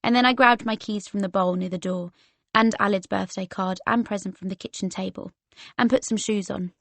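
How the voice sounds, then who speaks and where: A woman's voice: medium pitch, fairly even intonation, a little fast, creaky, fairly bright tone, no echo. A woman narrating an audiobook in the first person, in a wry, conversational manner.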